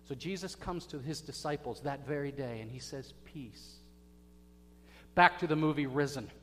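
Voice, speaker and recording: A man preaching a sermon as pastor, telling stories dramatically and swinging from hushed words to loud bursts. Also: a little high, a little fast. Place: church sanctuary. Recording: echoey hall with faint hum.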